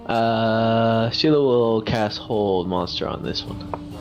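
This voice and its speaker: A woman player answers in a low voice, slowly and tersely. Her sound is dull and muffled. Faint music plays behind. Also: darkish tone. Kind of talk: casual tabletop play.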